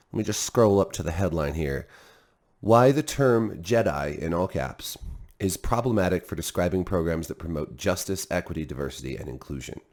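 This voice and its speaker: Deep-voiced male host, blunt and opinionated, off-the-cuff desk commentary. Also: darkish tone.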